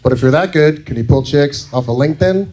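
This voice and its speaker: A man's voice: fairly high pitch, a little fast, mellow. A man doing a stand-up set in a comedy club, telling a crude story in an incredulous tone.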